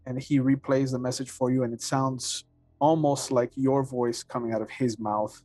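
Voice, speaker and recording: A man narrating a tabletop role-playing game as game master, in a halting way with many fillers. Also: medium pitch, flat delivery, mellow, no echo, faint music behind.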